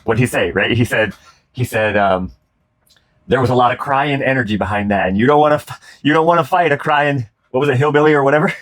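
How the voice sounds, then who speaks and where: Reacting to comedy clips, this male host rambles through a casual chat full of restarts, curses and laughter. He speaks briskly in a mid-range, fairly bright voice.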